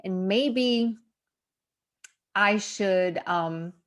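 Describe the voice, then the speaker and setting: Speaking extremely slowly in a clear, resonant, medium-pitched voice, a woman in her fifties shares a casual devotional vlog from a room under renovation. A grandmother of young boys and faith vlogger, she's candid and reflective and laughs at herself.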